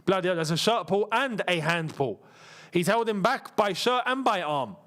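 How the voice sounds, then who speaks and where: Excitable football watchalong host. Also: male voice, sits high, normal speed. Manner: excitable, laughs often, chatty asides. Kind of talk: live football watchalong commentary.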